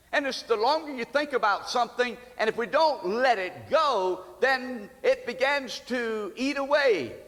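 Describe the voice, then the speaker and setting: A man's voice: sits high, a bit bright, in a large hall. A male pastor preaching a sermon in an earnest way, building to emphatic peaks.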